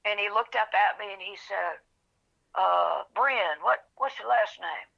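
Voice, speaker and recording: A woman tells her story with feeling and acts out every voice in it. Her voice is bright and carries a gravelly edge. The audio sounds dull and lo-fi, like a remote recording. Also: medium pitch, unhurried. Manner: animated storyteller, acts out quoted voices, gets emotional. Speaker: author, podcast guest. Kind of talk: storytelling in an interview.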